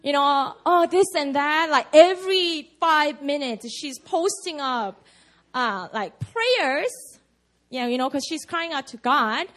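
A woman's voice: sits high, lively intonation, slow pace, a bit bright. A woman preaching a casual, conversational sermon at a prayer meeting, full of "you know" and "like". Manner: chatty, many fillers like "you know" and "like".

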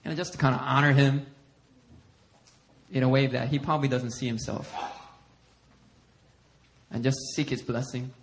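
A middle-aged male pastor preaching a sermon. He tells stories against himself in an animated way and acts out what other people said. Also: mid-range voice, normal speed, long pauses. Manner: animated self-deprecating storytelling, acting out others' lines. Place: church sanctuary.

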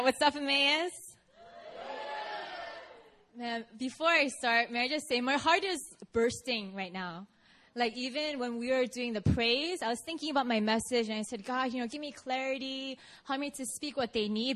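A woman with a New York accent preaches in church. Her voice is high and bright. She talks to the congregation in a casual, upbeat way. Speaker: guest preacher, missions director. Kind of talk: sermon.

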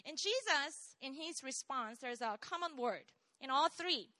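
A woman's voice: sits high, unhurried, few pauses, no room sound. A woman leading a casual online Bible study, reading scripture and explaining it conversationally, often checking in with her listeners. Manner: animated, acts out quoted cries with rising excitement.

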